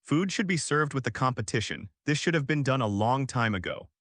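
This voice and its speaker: A cheerful young boy wizard, read by a man, eager and upbeat. His voice has an average pitch and sounds dry and close. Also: lively intonation, fairly quick, fairly bright tone, dry recording.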